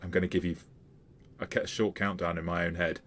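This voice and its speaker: A man's voice: low voice, steady tone, a little fast, a bit bright, soft background music. A man running a tabletop game as game master, talking things through with frequent fillers. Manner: hesitant, with fillers and restarts.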